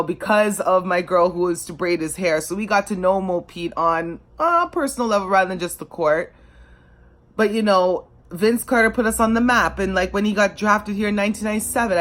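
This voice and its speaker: A woman's voice: medium pitch, a bit bright. Passionate woman telling a fan's story. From Canada. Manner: passionate, emotional, conversational with many fillers. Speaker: sports fan. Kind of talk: personal storytelling to camera.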